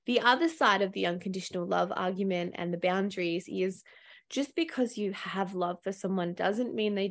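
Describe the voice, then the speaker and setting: A woman, possibly, talks alone into a podcast mic. She is candid and earnest, swears casually and laughs often. Her mid-range voice has a gravelly, fry-tinged edge. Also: mid-range voice. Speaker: podcast host. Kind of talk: reflective solo podcast talk.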